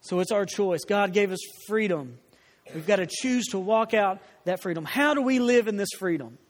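A man's voice: sits high, normal speed, big-room sound. A man preaching a sermon in a church, earnest, repeating phrases for emphasis and asking the congregation questions. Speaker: pastor.

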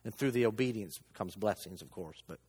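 A man preaching a sermon in a church, telling stories with lively, acted-out quotes. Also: on the low side, a little fast, slightly rough, long reverb tail. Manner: animated storytelling, acts out quotes. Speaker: lay preacher.

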